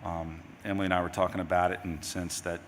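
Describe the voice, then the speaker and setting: A middle-aged grieving father giving a eulogy at a memorial service. He talks in a halting, rambling way, restarting his sentences. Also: low-pitched, level tone. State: grieving, voice near tears. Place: large memorial service hall. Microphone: microphone at a podium. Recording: hall reverb, faint background noise.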